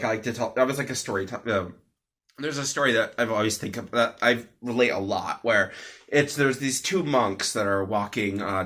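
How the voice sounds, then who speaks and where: A man's voice: mid-range voice, bright, forceful tone. A young man giving an off-the-cuff personal update at home, rambling with many fillers and restarts. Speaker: vlogger.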